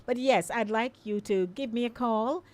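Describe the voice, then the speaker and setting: A woman's voice: fairly high pitch, moderate pace. A middle-aged Jamaican woman hosting a live call-in radio show, chatting in a coaxing, friendly way and inviting listeners to phone in.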